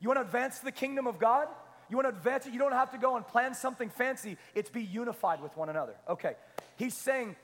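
High-voiced pastor preaching in a reverberant hall. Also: male voice. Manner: energetic, repetitive preaching with call-and-response questions. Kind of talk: sermon.

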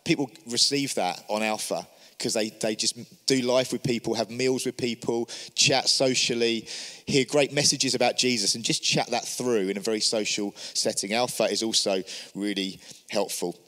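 A man's voice: mid-range voice, fairly even intonation, moderate pace, fairly bright tone, long reverb tail. A man giving an encouraging church teaching talk, speaking earnestly and asking many rhetorical questions. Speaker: church leader.

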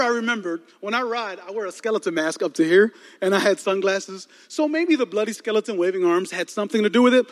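A man, a youth pastor, telling a story with lots of humor and energy during a sermon in a church. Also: high-pitched. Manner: animated, lively storytelling with laughs. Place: large church auditorium. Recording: long reverb of a large hall.

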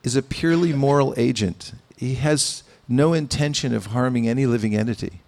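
A man giving a devotional sermon, speaking in a measured, pausing way with gentle humor. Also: medium pitch, creaky. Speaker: spiritual teacher. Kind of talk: sermon with anecdotes.

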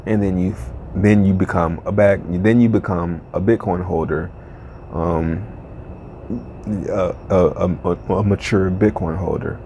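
Man, deep voice, rambling frustrated vlogger, faint background noise. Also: steady tone, measured pace, dark tone, muffled recording. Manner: rambling, frustrated, many restarts. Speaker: crypto video creator. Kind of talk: casual vlog rant.

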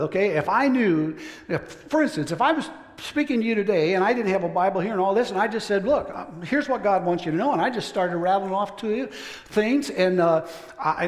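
A man preaching a sermon, emphatic, climbing to exclamations and sinking to hushed lows. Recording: long hall reverb.

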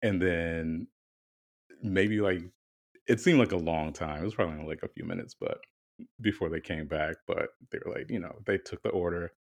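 This is a man with a very low, deep voice, talking in a relaxed, candid way as a podcast co-host. He tells his story in loose, chatty conversation, dropping the occasional swear word. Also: moderate pace. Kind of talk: casual chat.

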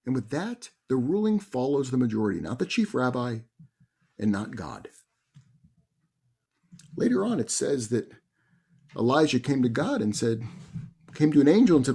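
A man who is a rabbi, telling stories in a conversational, animated sermon. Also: medium pitch, normal speed, long pauses, breathy edge. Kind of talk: sermon storytelling.

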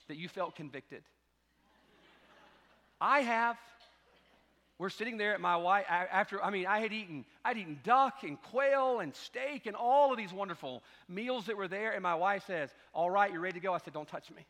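Bright-voiced pastor preaching in a hall. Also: male voice, fairly high pitch. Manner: storytelling, swings from hushed asides to loud exhortation. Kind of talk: sermon. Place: church sanctuary. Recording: long church hall reverb.

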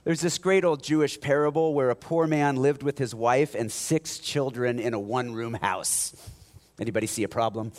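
Animated, joking male preacher. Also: mid-range voice, normal speed. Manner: animated, conversational preaching with asides and humor. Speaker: pastor. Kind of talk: sermon.

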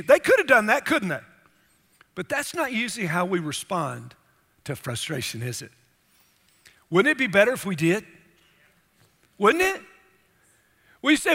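Man, pastor, emphatic sermon, high voice, long hall reverb. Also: huge pitch swings, measured pace, pauses often, bright, forceful tone. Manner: emphatic preaching with frequent rhetorical questions.

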